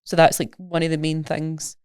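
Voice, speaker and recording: A Scottish woman, a nutrition coach appearing as a podcast guest, talks casually and animatedly, explaining things through everyday examples. Her voice is low-pitched, smooth and darkish, with a level tone and moderate pace, recorded cleanly in a studio with no echo.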